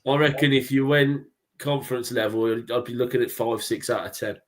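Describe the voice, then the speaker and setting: A man's voice: medium pitch, brisk. A man appearing as a guest on a fan phone-in, chatting in a laid-back, joking way. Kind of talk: casual chat.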